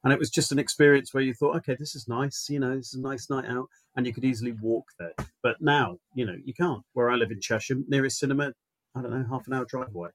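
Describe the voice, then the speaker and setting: A man's voice: mid-range voice, fast, a little hiss or hum. A man co-hosting a podcast, chatting casually with wry, teasing remarks. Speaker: podcast co-host. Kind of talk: casual chat.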